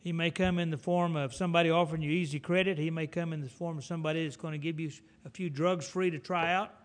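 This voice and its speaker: Guy giving a folksy sermon, kinda high voice, tells it like a story. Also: fast talker. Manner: animated storytelling, folksy asides. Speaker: preacher.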